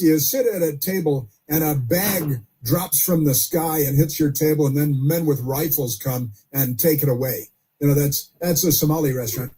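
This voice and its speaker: A man's voice: on the high side, dark tone, breathy edge. A man hosting a political call-in radio show, chatty, chuckling and often repeating himself. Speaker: radio talk show host.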